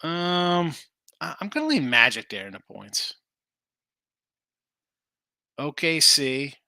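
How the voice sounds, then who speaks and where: Bright-voiced man talking betting picks. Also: a little high, sing-song, slow, gravelly, dry recording, studio quality. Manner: loose, rambling, answers chat comments. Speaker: sports betting podcast host. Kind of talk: casual betting picks talk.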